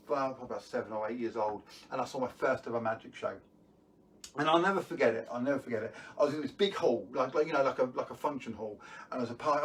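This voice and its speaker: Male magician, middle-aged, rambling self-mocking patter, set back from the mic, faint background hum. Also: medium pitch. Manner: chatty, self-deprecating storytelling with filler words. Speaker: magician performer. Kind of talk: live-streamed magic and comedy patter. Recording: distant mic, faint room noise.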